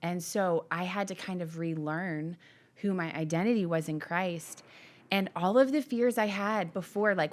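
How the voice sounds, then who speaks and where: A woman's voice: fairly low pitch, moderate pace. A middle-aged woman, a pastor's wife co-hosting a podcast, talking openly and animatedly with her husband. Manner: open, animated, laughs easily. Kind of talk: casual conversation with her husband.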